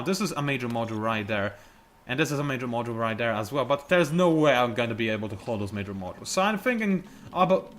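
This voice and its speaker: Lively-voiced man commentating a game. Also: medium pitch, slight background noise. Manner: chatty, explains moves as he plays, trails off and restarts. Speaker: let's play commentator. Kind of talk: gameplay commentary. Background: game music.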